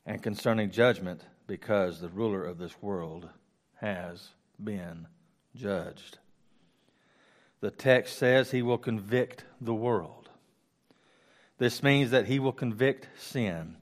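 Speaking at a fairly low pitch, a man reads scripture aloud for a Bible study and then slowly goes back over it. He restarts sentences and makes casual asides, and the microphone is close.

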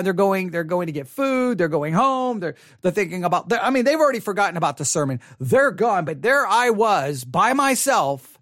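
A man's voice: sits high, fairly bright tone, dry recording. A man, a pastor, talking earnestly to the camera from a studio and thinking aloud with many restarts. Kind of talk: reflective monologue to camera.

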